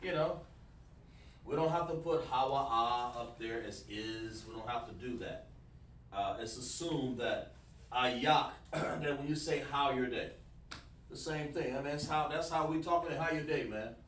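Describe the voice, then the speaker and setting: A man teaching a livestreamed language lesson, explaining slowly and repeating himself while talking to the chat. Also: medium pitch, a bit bright. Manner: slow, repetitive explaining, addresses the chat. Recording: roomy, mic at a distance, faint noise.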